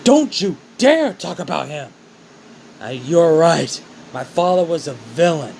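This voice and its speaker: A man's voice: a little high, sing-song, a little slow, creaky, a little mellow, a little hiss or hum, heavily acted. A man voicing a hot-tempered teenage boy hero who swears bluntly. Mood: angry.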